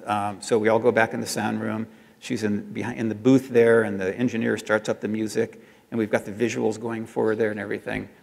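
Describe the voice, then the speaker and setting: A man's voice: lowish voice, little pitch movement, brisk, gravelly, in a large hall. A man telling an anecdote to an audience in a chatty way, with many fillers and restarts. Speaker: speaker recounting advertising work.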